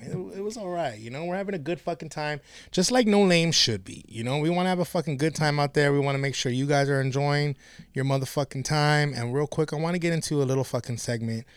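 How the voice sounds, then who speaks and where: A man's voice: a little high, quick pace, clear, resonant tone, no room sound. A man hosting a casual, profane podcast chat, retelling a story and acting out the quoted people. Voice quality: animated, acts out quoted voices. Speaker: podcast host.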